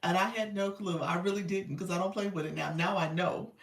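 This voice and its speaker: A woman's voice: fairly low pitch, a little fast, distant mic. A woman hosting a casual live stream, chatting with viewers, calling them y'all and laughing often. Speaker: live stream host and coach. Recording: echoey room, voice away from mic.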